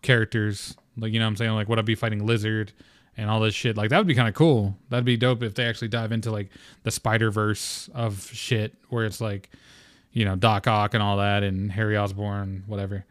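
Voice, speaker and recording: A man's voice: lowish voice, little pitch movement, fairly quick, no room sound, studio quality. A man hosting a casual solo podcast, rambling with lots of "um" and "like" and swearing freely. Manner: rambling, profane, filler-heavy. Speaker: podcast host.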